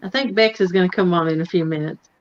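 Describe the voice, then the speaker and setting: A woman's voice: fairly low pitch, fast, slight background noise. A woman host chatting in an easygoing, chatty way. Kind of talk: casual chat. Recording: slightly dull sound.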